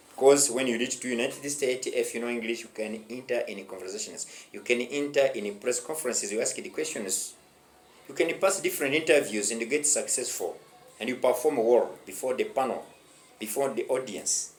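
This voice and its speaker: A man's voice: mid-range voice, expressive, a little fast. Male English teacher, emphatic and repetitive delivery, reverberant room. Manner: emphatic, repetitive, addresses viewers as dear friends. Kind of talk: online English lesson. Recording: echoey room.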